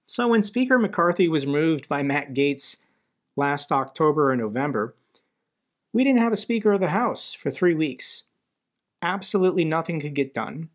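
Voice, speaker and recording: Man, American accent, channel host, political commentary, blunt, indignant, somewhat high pitch. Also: animated, normal speed. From United States.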